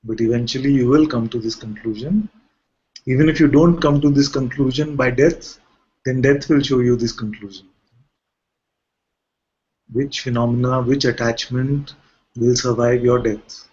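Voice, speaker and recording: A man's voice: medium pitch, fairly even intonation, normal speed, pauses often, a little mellow, slightly rough. A man who is a spiritual teacher, giving a conversational talk to a gathering and often asking rhetorical questions. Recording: muffled lo-fi recording.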